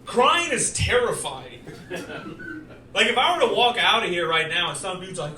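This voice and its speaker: A man performing a stand-up comedy set, animated, with loud acted outbursts. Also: high voice, moderate pace. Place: comedy stage in a poker room. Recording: roomy live club sound from far off. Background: audience laughter.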